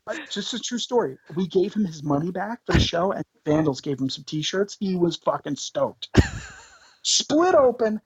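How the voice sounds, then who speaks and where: A man, a podcast guest, telling tour stories in an animated, swearing, laughing way. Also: high voice, moderate pace, breathy edge, no room sound, lo-fi sound. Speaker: podcast guest, band member. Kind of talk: casual storytelling.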